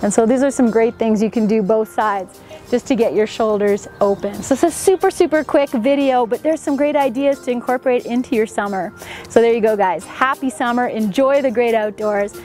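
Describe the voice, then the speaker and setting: Woman, yoga instructor, gentle encouraging cues, fairly high voice, faint music underneath. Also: fairly quick.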